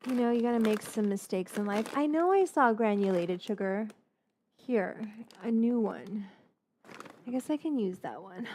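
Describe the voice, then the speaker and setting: A woman's voice: medium pitch, unhurried, long pauses, a little mellow, a little hiss or hum. A woman from the Bay Area chatting casually while she cooks, rambling, frank, and swearing freely as she drifts between tangents. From San Francisco Bay Area. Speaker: cookbook author and cooking host. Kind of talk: casual chat while cooking.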